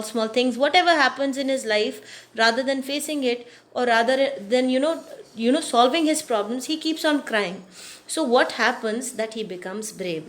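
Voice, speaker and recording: A woman with a high voice reads a picture book aloud for children. She stops often to explain words, repeating herself patiently and checking that her listeners follow. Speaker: teacher reading a storybook. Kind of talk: storybook reading with explanations for children.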